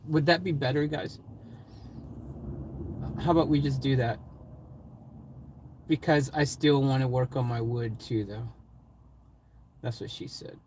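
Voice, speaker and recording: A man's voice: mid-range voice, fairly even intonation, measured pace, pauses often, background noise. A man hosting a casual live stream from his van, joking and chatting with viewers in the live chat. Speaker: livestream host.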